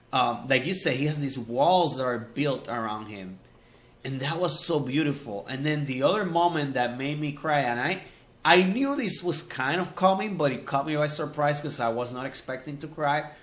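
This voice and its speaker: Male co-host, bright-toned, emotional and halting, reviewing in a roomy space. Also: mid-range voice. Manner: emotional, halting, filler-heavy. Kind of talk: casual review chat. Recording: roomy echo.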